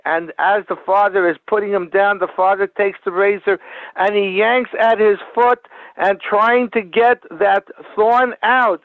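A man's voice: high-pitched, steady tone, moderate pace, no echo. A man teaching a sermon through a parable. He tells the story with frequent repetitions and restarts. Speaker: Torah teacher. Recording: tinny phone-like radio broadcast.

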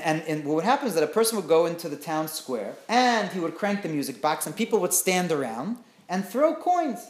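A woman teaching through a story in an animated way, often checking in with her listeners. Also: on the low side. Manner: animated, often asks "right?". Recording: roomy echo.

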